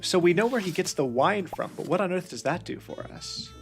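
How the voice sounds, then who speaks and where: A man's voice: high-pitched, big pitch swings, a little fast, faint music behind. A man playing a detective puzzle game, thinking aloud and muttering questions to himself as he works through the clues. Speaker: let's play host.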